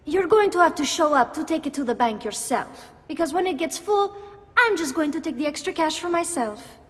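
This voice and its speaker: Sharp, high-voiced noblewoman, dry sarcasm, reverberant game audio. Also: expressive, a little fast. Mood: sarcastic. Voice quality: sarcastic, clipped. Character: sharp-tongued young noblewoman stuck with bookkeeping. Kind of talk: video game dialogue.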